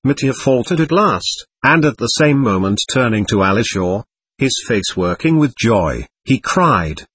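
A man narrating a classic novel as an audiobook, in a steady storytelling manner. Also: medium pitch, a little slow, breathy edge, dry recording.

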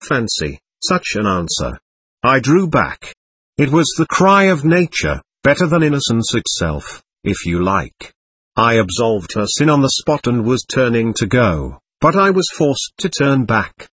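Suave devil gentleman, ironic, worldly, husky tone, lively pitch, read by a man. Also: a little slow, dry recording, exaggerated voice. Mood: mocking. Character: suave, mocking male devil, a gentleman visitor. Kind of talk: audiobook character reading.

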